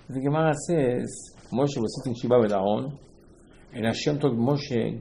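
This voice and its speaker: A man teaches Torah as an animated storyteller. He acts out the quotes himself and keeps pressing rhetorical questions, with sudden emphatic bursts. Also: mid-range voice, normal speed, creaky, poor audio.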